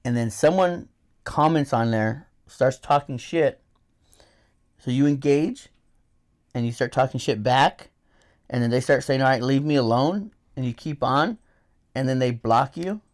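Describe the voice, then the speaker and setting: A middle-aged man co-hosts a casual podcast, swearing freely and acting out mocking quotes as he tells stories. His voice sits in a middle pitch. The microphone peaks and distorts. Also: measured pace, pauses often. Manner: profane, animated storytelling with mocking put-on quotes. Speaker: podcast co-host. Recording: peaking, distorted microphone audio.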